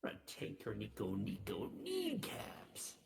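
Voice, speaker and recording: Man, very gravelly low voice, lively swings, voice filter, joking and cursing. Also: a little slow. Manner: joking, swearing, animated. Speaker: game player. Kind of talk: casual voice chat.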